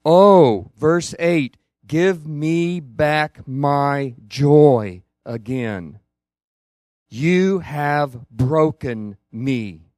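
A man preaching a sermon as a pastor, earnest, with long pauses and hushed emphasis. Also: mid-range voice, dry recording, studio quality.

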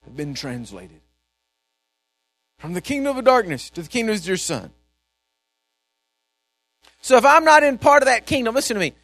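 Fired-up male preacher, high voice, repeats himself, big swings in volume, dry recording. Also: brisk, long pauses, no echo. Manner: animated, repetitive, swings from shouting to quiet asides. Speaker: pastor. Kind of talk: sermon.

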